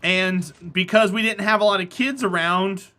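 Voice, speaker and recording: Woman streamer, bright mid-pitched voice, casual and blunt, argues with chat. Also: normal speed. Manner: blunt, opinionated, answering chat by name. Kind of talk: casual live-stream chat while gaming.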